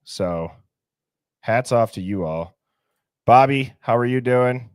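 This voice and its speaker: A man hosts a casual livestream, going through viewer comments and warmly greeting each person by name, one by one. His middle-pitched voice is expressive, unhurried, and upbeat with a clean tone. The sound is dry and close, with no room echo.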